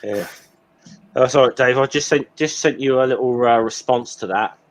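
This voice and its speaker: A man's voice: mid-range voice, moderate pace. Hesitant man chatting on a call. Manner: hesitant, many ums and restarts. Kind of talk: casual group chat on a stream. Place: Hampshire home, voice call.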